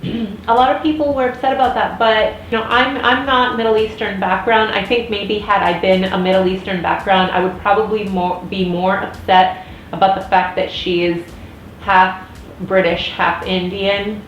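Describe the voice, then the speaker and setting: A woman's voice: mid-range voice, fairly even intonation, normal speed. A woman in her thirties with an American accent, rambling through a casual vlog rant with many fillers and restarts. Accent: General American. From United States. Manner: chatty, frequent restarts and fillers. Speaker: vlogger. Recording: echoey room with faint noise.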